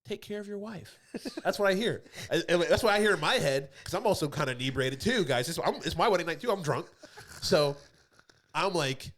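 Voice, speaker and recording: A man's voice: fairly high pitch, animated, a little fast, fairly bright tone. A man co-hosting a comedy podcast, telling a rambling story with frequent laughs and restarts. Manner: rambling, laughs often, acts out others' voices. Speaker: podcast co-host. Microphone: podcast studio mic.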